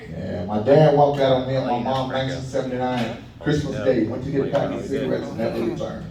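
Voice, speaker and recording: A man's voice: mid-range voice, fast talker, vocal fry. A man from Kentucky doing a loose, conversational stand-up set, chatting with the crowd and laughing at his own jokes. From Kentucky, USA. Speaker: stand-up comedian. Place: small comedy venue. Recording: echoey room, mic heard from far.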